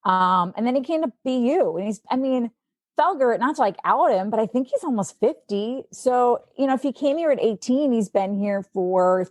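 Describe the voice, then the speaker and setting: A woman with a Midwestern accent, a sports anchor, chatting as a podcast guest and telling stories in a lively way. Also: a little high, moderate pace, no room sound. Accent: Midwestern American. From Milwaukee, Wisconsin. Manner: chatty, animated storyteller. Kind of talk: casual interview chat.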